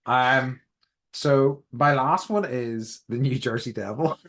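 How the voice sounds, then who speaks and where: A man's voice: medium pitch, slow, fairly bright tone. An Irish man co-hosting a podcast, rambling with many restarts and fillers in casual chat. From Ireland. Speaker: podcast co-host.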